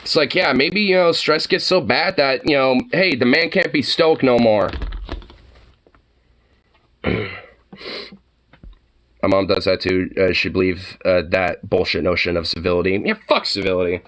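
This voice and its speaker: A man's voice: lowish voice, unhurried, pauses often, fairly bright tone. A man venting to camera in a heated, rambling monologue, swearing constantly and filling gaps with "you know" and "like". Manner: heated, profane, rambling with many fillers. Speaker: vlogger.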